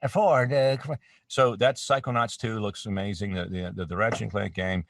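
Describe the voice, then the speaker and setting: A Canadian man with a low, deep voice talks casually as an interview guest. He rambles and pokes fun at himself, often restarting his sentences. The sound is dry and slightly off-mic, from a small home studio. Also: fairly even intonation, a little fast, creaky, a bit bright, no echo, recorded from a distance. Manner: rambling and self-deprecating, many restarts. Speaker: voice actor guest.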